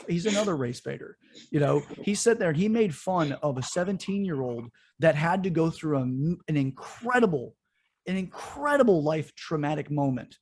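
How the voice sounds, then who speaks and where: A man's voice: a little high, darkish tone, a little hiss or hum. A man co-hosting a podcast, ranting in a heated, profane way during casual political chat. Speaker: podcast co-host.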